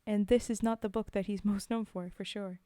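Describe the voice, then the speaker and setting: A woman's voice: mid-range voice, fairly even intonation, a little fast, mellow, dry recording. A woman streamer chatting casually between poem readings, giggling and filling gaps with ums. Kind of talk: casual chat between poems.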